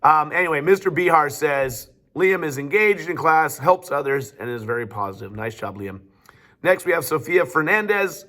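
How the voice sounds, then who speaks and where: A man's voice: mid-range voice, sharp tone. A male teacher giving upbeat, chatty school announcements with casual fillers. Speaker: teacher presenting student awards.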